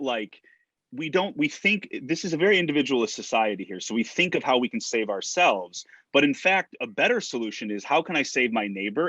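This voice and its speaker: Husky-voiced man, chatty and emphatic, on flat lo-fi call audio. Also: medium pitch, dry recording. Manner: emphatic, chatty, often asks "right?". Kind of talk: casual podcast conversation.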